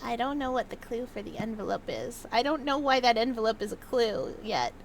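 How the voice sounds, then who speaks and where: Her voice is a little high and expressive, and she talks fairly quickly. A young woman hosting a gaming video, she gives relaxed, playful let's-play commentary, at times reading notes aloud in a mock old-fashioned manner, with a little hiss or hum in the recording.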